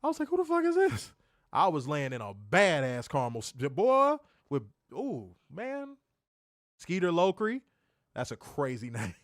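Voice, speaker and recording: A boisterous man hosts a casual livestream. His voice sits a little high for a man, and it is recorded close and dry with no room sound. He jokes, swears and laughs easily, jumping from shouts to low mutters. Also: wildly swooping pitch, measured pace, no room sound. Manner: loud, joking, swings from shouting to muttering; laughs often, swears freely. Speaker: livestream co-host.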